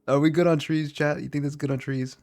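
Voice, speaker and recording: A man's voice: fairly high pitch, level tone, a little fast, darkish tone. A man live-streaming a building game, chatting casually with his viewers and laughing often. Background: faint background music.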